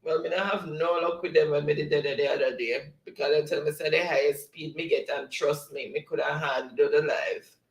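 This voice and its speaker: Jamaican male co-host, higher voice, chuckles through chat readouts. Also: fairly even intonation, a little fast, roomy sound, muffled recording. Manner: giggly, reads viewer comments aloud. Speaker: live show co-host reading chat. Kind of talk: casual live-stream chat.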